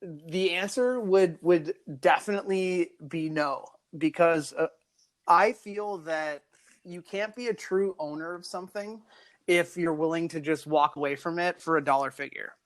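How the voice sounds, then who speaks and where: A man hosting a casual chat podcast, answering in an earnest, measured way. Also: on the high side. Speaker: host.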